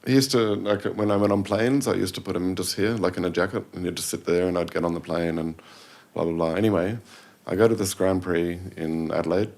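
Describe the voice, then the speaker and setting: A man's voice: low-pitched, fairly even intonation, a little fast, hardly any pauses, a little mellow. A middle-aged man, a podcast guest, telling rambling anecdotes in casual chat, correcting himself often. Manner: rambling anecdotes with self-corrections and quoted voices. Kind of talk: casual storytelling interview.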